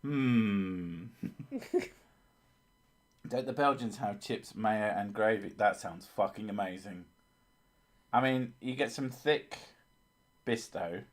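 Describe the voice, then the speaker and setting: A man chatting on a relaxed live stream, with a lowish voice. He swears freely and laughs often while he banters about food and the chat's messages. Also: slow pace, long pauses. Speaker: streamer, host of a horror story channel. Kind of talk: casual chat with live stream chat.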